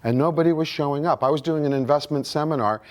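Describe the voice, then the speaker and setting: A man's voice: a little high, quick pace, a little mellow. A man, speaking as a guest at an investing conference. He tells anecdotes, acts out both sides of remembered conversations, and quizzes the audience with show-of-hands questions. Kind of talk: seminar storytelling talk. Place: indoor conference room.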